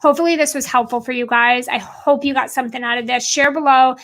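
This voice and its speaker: A woman's voice: sits high, steady tone, fast talker, fairly bright tone. A woman business coach giving an emphatic motivational talk to camera, repeating her points and calling her viewers guys.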